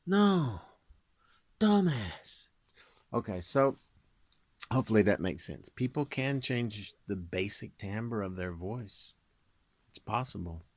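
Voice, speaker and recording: A man's voice: lowish voice, lively intonation, unhurried, no echo. Rambling jokey man vlogging. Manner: rambling, jokey, many fillers. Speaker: vlogger and singer. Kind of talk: casual rambling vlog.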